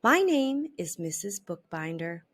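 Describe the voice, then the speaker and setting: A woman voicing a gentle butterfly teacher who speaks slowly, soothingly and firmly. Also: on the low side, very animated. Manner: soothing, slow and firm.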